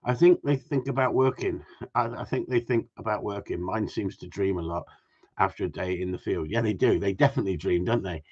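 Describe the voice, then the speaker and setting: Husky man joking with viewers. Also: on the low side, brisk, darkish tone. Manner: joking, rambling, talks straight to viewers. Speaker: gundog trainer. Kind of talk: casual livestream chat reading viewer comments. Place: outdoors in cold weather. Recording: muffled lo-fi sound.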